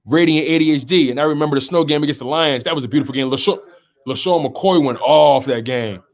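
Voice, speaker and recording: A man's voice: a little high, fast talker. A man hosting a casual sports talk live stream, reading viewer comments aloud and reacting to them.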